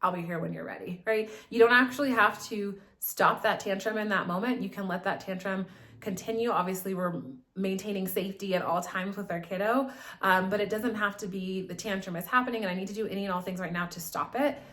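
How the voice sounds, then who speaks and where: A woman's voice: mid-range voice, steady tone, fairly quick, fairly bright tone. Woman, young adult, parenting educator, casual instructional talk, conversational, fillers and restarts.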